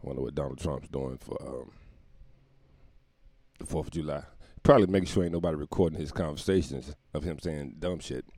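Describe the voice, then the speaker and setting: A man's voice: a bass voice, fairly quick, pauses often, mellow, breathy edge, dry recording. A man hosting a comedic solo podcast, rambling, profane and self-mocking, often laughing at his own jokes. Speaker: podcast host.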